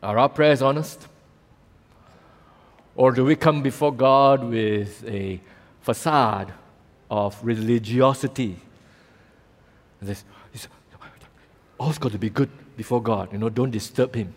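A man's voice: mid-range voice, fairly even intonation, slow pace, pauses often. A man preaching a sermon, telling the story animatedly with casual fillers and acting out voices. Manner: casual local fillers like "lah" and "ah". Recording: reverberant hall.

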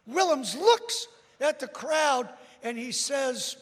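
Guy preaching slow, pitch jumping all over, raspy, big echoey hall sound. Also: animated. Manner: dramatic storyteller, bursts into shouts. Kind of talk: sermon storytelling.

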